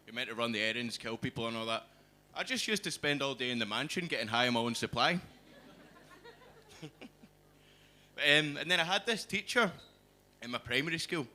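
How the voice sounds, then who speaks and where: A young Scottish man doing a stand-up set in a comedy club, with a dry, deadpan delivery into a stage mic. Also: mid-range voice, normal speed, long pauses. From Scotland.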